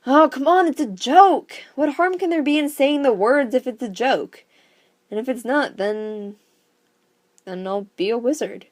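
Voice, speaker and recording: A woman's voice: medium pitch, unhurried, pauses often, a little mellow, lightly acted. A woman reading the lines of a bullied young girl in her own voice, earnest and frustrated. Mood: daring.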